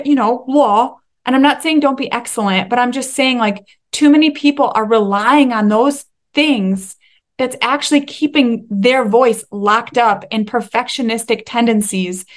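A young woman hosting a solo faith-based podcast, talking in an excitable, emphatic way and at times laughing or tearing up. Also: fairly high pitch. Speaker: podcast host.

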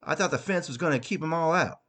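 A man's voice: a little high, fast talker, a bit bright, pitched above the performer's own voice. A man voicing a sarcastic teenage son who keeps talking back to his father, in a raised, whiny voice. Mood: alarmed.

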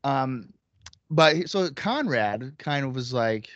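A man co-hosts a casual wrestling podcast, speaking slowly in a medium-pitched, fairly bright voice with lively intonation. He's blunt, swears plenty, and teases. The recording is dull, dry, and lo-fi with no echo.

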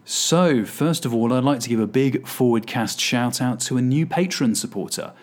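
A man's voice: medium pitch, moderate pace, darkish tone, soft background music. A man hosting his podcast solo, chatting casually and poking fun at himself with plenty of fillers. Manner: chatty and self-deprecating, with fillers. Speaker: podcast host.

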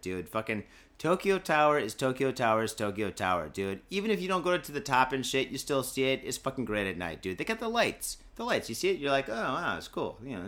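A man's voice: mid-range voice, a bit bright. A tipsy man hosting a podcast, rambling in a rowdy, profane way and saying "dude" a lot. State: tipsy from drinking. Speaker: podcast host. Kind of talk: rambling drunk podcast monologue. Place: Japan.

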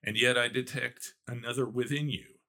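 A man's voice: medium pitch, fairly even intonation, moderate pace, bright, forceful tone, pitched above the performer's own voice, close to an everyday voice. A man reading aloud the lines of a haunted, lovestruck young man in an eager, heightened voice.

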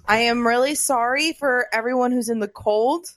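Young woman co-host, slightly high voice, halting and casual. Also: a bit bright. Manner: halting, trails off with "like" and "you know". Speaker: podcast co-host. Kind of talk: casual podcast chat.

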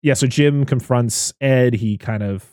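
A man from Western Massachusetts casually recapping a movie, animated and swearing, often jumping into high voices to act out the characters. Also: measured pace, no room sound, studio quality.

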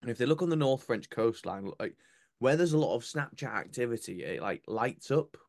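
A man's voice: mid-range voice, expressive, a little fast, vocal fry, dry recording, studio quality. A man telling stories in a casual chat, full of restarts and asides. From England. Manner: chatty, storytelling with restarts. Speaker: guest.

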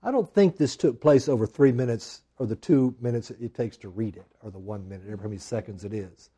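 A man preaching a sermon, swinging from loud emphatic lines to hushed, drawn-out asides. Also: on the low side, slightly rough. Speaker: pastor.

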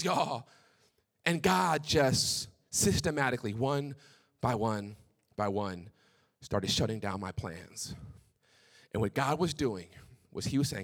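A young man preaching a sermon, swinging between quick, animated stretches and hushed, slow lines. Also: medium pitch. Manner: animated preaching, drops to hushed tones for God's words. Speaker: pastor.

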